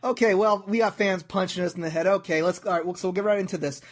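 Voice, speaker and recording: Man, talk show host, jokey, stumbling, slightly raised pitch. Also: fairly even intonation, quick pace. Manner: jokey, stumbles and repeats himself. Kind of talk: radio talk show interview.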